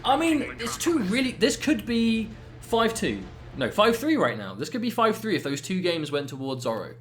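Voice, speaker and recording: A man's voice: high-pitched, big pitch swings, moderate pace, a bit bright, a little hiss or hum. A man co-commentating a fighting game match, analytical with dry jokes. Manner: analytical, wry jokes about players' choices. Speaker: esports co-commentator.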